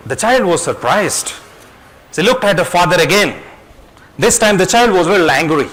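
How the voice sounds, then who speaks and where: A man's voice: high voice, big pitch swings, normal speed, fairly bright tone, rough recording. A man giving a motivational talk to an audience, speaking emphatically, repeating his key phrases and telling a parable.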